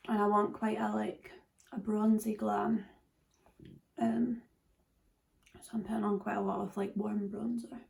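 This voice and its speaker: A woman's voice: mid-range voice, level tone, unhurried, gravelly, long pauses, darkish tone. A nineteen-year-old Scottish woman chatting casually through a makeup tutorial, full of fillers and dropping into whispers at times. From Scotland. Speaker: beauty vlogger.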